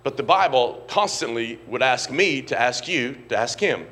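A middle-aged man preaching a sermon, swinging from quiet, low asides to loud, shouted emphasis and often calling out to the congregation. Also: expressive, normal speed, hardly any pauses. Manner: repeats words and calls on the congregation. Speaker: pastor.

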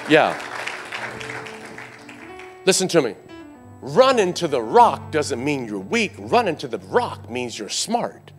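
A man preaching a sermon as pastor, rising into loud fervent calls and dropping to quiet asides, often repeating words as he builds. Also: medium pitch. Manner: repeats and restarts words when fired up.

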